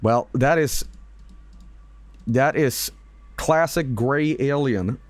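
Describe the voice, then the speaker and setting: A man streaming and reacting to videos, chatty and loose. He rambles with fillers, laughs and swears through his commentary. His voice sits at a middling pitch, close and dry on the mic. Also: drawn-out words, no echo. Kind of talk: casual live-stream commentary.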